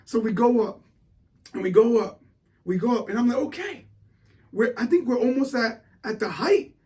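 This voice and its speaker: A man giving a motivational talk, telling a story in an animated, excitable way with frequent restarts. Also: extremely high pitch, moderate pace, recorded from a distance. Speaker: motivational speaker.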